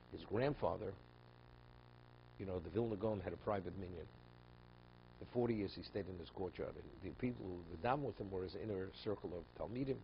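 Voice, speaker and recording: A man, a rabbi, teaching a Talmud class in an animated lecture style, rising loud on key words and restarting phrases often. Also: lowish voice, gravelly. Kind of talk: spoken Torah lecture. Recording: dull lo-fi recording with faint hum.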